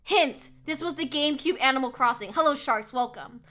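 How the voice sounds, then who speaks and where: A woman's voice: high-pitched, brisk, bright, forceful tone. A young woman hosting a quiz on a live stream, chatting casually, laughing often, reading chat aloud and swearing freely.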